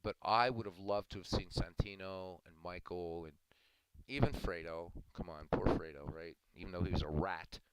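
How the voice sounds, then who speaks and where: A deep, low-pitched man rambles casually as a stream host, chuckling now and then and repeating phrases. Loud noise runs steadily beneath his voice. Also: fairly even intonation, moderate pace. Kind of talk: casual chat.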